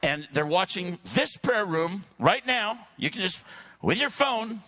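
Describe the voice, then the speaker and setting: A man speaking at a church service, telling a long story with lively asides and frequent throat clearing. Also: high voice, a little slow. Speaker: guest speaker. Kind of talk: sermon storytelling.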